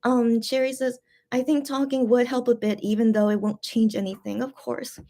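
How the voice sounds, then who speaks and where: A woman's voice: on the high side, flat delivery, moderate pace, dark tone. A woman hosting a late-night livestream chat, emotional and close to tears, rambling with many fillers and repeated words. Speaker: fan channel host.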